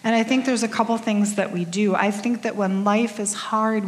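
A woman's voice: mid-range voice, steady tone, normal speed, few pauses. A middle-aged woman giving a conversational sermon as a church speaker, candid and self-deprecating, with lots of casual fillers. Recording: long reverb of a large hall.

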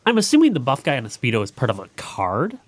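A man's voice: medium pitch, wildly swooping pitch, quick pace, no room sound. A man co-hosting a podcast, chatting casually about an episode and tossing in dry jokes. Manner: dry joking asides. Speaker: podcast co-host. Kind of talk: casual episode recap chat.

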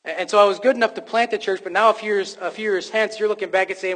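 A man's voice: high voice, fairly even intonation, rapid-fire, a bit bright, long reverb tail. A man preaching a sermon, earnest and emphatic, often restarting his sentences with fillers. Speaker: pastor.

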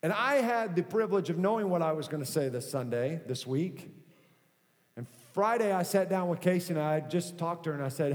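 A middle-aged male pastor giving a conversational, animated sermon. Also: fairly high pitch, brisk. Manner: conversational, animated preaching with acted-out quotes. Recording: hall reverb.

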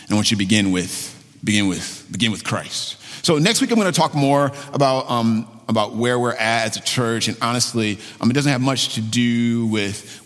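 A man preaching a sermon as pastor of his church, earnest and halting, repeating phrases and restarting often. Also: mid-range voice, fairly bright tone. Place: church sanctuary. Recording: long hall reverb.

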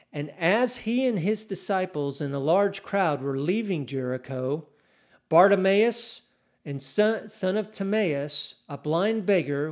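Male preacher, sermon, high voice, slow deliberate delivery, acts out scripture. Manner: animated, acts out scripture quotes, raising voice for cries.

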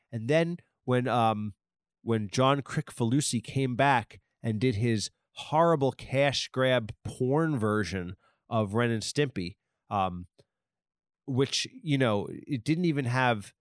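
A man hosting a podcast in a rambling, profane comedic monologue, talking excitably into a close mic. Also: mid-range voice, smooth, dry recording. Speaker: podcast host.

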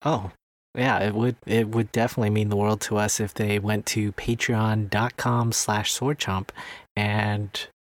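A man co-hosting a podcast, pitching its membership in a hesitant, chuckling, casual way. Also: little pitch movement, measured pace, dry recording. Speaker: podcast co-host. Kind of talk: casual chat.

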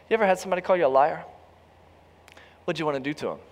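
A man preaching a sermon, telling stories with lively acted-out voices and building to near shouts. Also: on the high side, very fast, pauses often, big-room sound. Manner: animated storytelling, acts out voices, rises to near shouts. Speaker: pastor.

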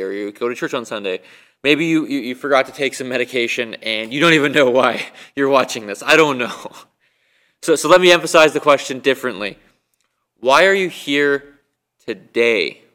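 A man's voice: medium pitch, a little fast, sharp tone. A man preaching a sermon in a conversational way, asking his listeners a string of questions. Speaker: guest preacher. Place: church, recorded for online viewing.

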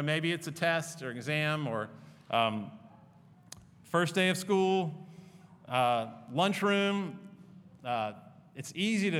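A man delivers a sermon in a loose, conversational storytelling style, full of asides and little fillers. His voice sits a bit high for a man. The sound carries a long reverb, as if in a large hall. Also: fairly bright tone. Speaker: pastor.

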